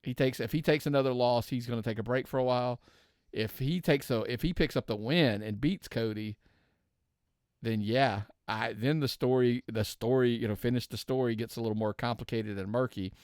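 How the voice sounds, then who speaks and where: He's a podcast co-host in casual chat, speaking at normal speed in a mid-range voice that is darkish, clear, and resonant. He frequently begins sentences again, thinking his views through out loud. The recording is dry and has clean studio sound.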